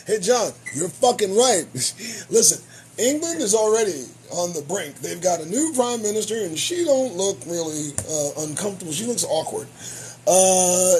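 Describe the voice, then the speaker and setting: A man's voice: high voice, normal speed, slightly rough. A man hosting his own show, giving profane, sarcastic commentary on the news. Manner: animated, swearing, sarcastic. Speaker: show host.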